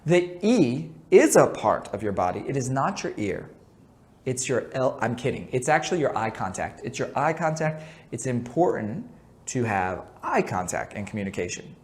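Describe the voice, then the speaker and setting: A man's voice: mid-range voice, big pitch swings, moderate pace. A man coaching a basketball lesson in a conversational way, often checking in with the listener. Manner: conversational, keeps checking in with "right?"; jokey asides. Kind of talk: instructional talk.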